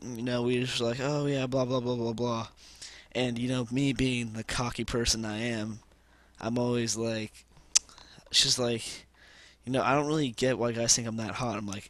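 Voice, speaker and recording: A man's voice: fairly low pitch, bright, forceful tone, no echo. A teenage boy telling a rambling personal story over gameplay, full of fillers and restarts, on a headset mic. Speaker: gaming commentator.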